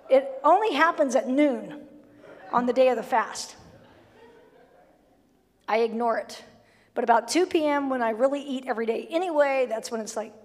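A woman's voice: fairly high pitch, moderate pace, big-room sound. A woman pastor preaching a sermon, emphatic, blunt and humorous, sometimes acting out the voices she quotes. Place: church sanctuary.

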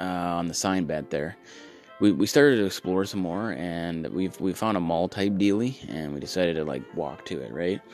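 A man telling a comedic story in a casual, rambling, self-mocking way, with profane sarcastic asides and frequent restarts. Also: deep voice.

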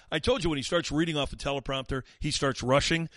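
A man's voice: on the high side, brisk, a bit bright, no room sound, clean studio sound. A man hosting a talk show, giving sarcastic, mocking political commentary. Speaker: talk radio host.

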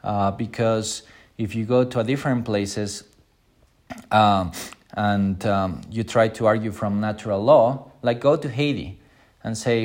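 A man's voice: on the low side, unhurried, a little mellow. A man, a pastor, teaching an unscripted Sunday School Bible lesson, with many filler sounds and quoted lines acted out in a raised voice.

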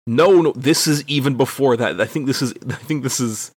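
A man's voice: mid-range voice, moderate pace, slightly rough, no room sound, studio quality. A young man from Texas, a podcast co-host, telling a rambling, profane, self-deprecating story in casual chat.

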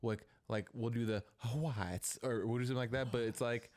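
A young man talking casually on a podcast, quick and rambling with many restarts. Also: medium pitch, level tone, darkish tone. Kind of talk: casual chat.

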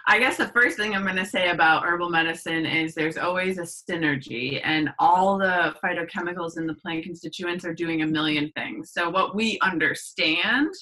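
A woman talks as a podcast guest, laying out explanations with many fillers and self-corrections. Her voice is a little low but bright and forward. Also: normal speed, hardly any pauses, poor audio. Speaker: podcast guest, herbal medicine practitioner. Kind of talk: casual explanatory chat.

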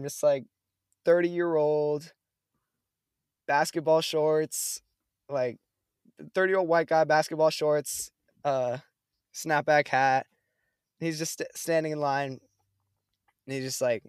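A young man chatting casually, telling a story in a lively, slangy way. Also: a little high, measured pace, pauses often, smooth, no echo, studio quality. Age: young adult. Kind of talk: casual chat.

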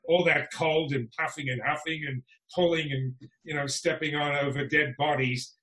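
A man's voice: fairly high pitch, fairly even intonation, normal speed, noisy background. A man talking as a podcast guest in casual conversation, wry and frank, laughing often. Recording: echoey room.

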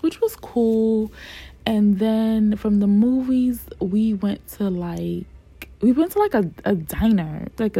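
A woman in her forties from New York, with a New York accent, telling a story casually in slangy, animated talk and acting out the quotes. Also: on the high side, vocal fry, husky, no room sound.

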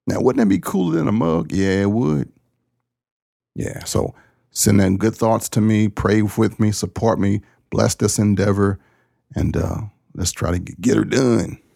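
A man hosting his podcast, a pastor talking in a casual, folksy, jokey way, with sudden jumps up in pitch. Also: lively intonation, unhurried, vocal fry, dark tone, dry recording, studio quality. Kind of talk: casual chat.

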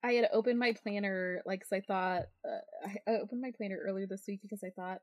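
A woman's voice: mid-range voice, steady tone, fast, few pauses, darkish tone, no room sound. A woman who is a podcast guest, chatting casually with lots of fillers and frequent laughter, poking fun at herself. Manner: self-deprecating, laughs often, talks with many fillers.

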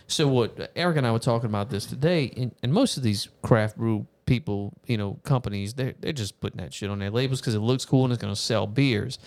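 A man with an average-pitched voice co-hosts a laid-back podcast. He talks in a chatty, animated way and laughs easily. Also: a little fast, few pauses. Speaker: podcast co-host. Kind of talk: casual chat.

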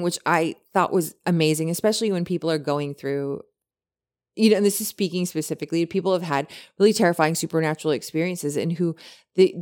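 A woman co-hosting a podcast, chatting casually and retelling a story with many animated quotes. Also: deep voice. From lived in California. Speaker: podcast co-host.

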